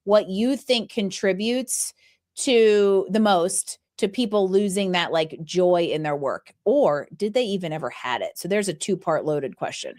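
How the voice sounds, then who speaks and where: A woman's voice: medium pitch, expressive, unhurried, darkish tone. Upbeat woman podcast host. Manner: upbeat, playful, curious questioner. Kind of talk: conversational interview.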